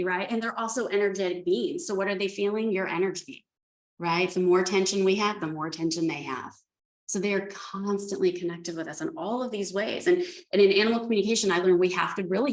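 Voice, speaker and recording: A woman speaking as an animal communicator, telling stories in a chatty way with lots of restarts. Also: mid-range voice. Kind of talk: spiritual talk. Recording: echoey room.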